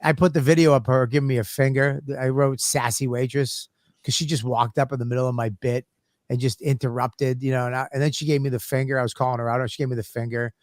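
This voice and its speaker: A man's voice: mid-range voice, steady tone, fast talker, no room sound. Male comic co-host, crude and blunt, mid-range voice, dry close sound. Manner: profane, blunt storytelling. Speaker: comedian co-host. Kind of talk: casual podcast banter.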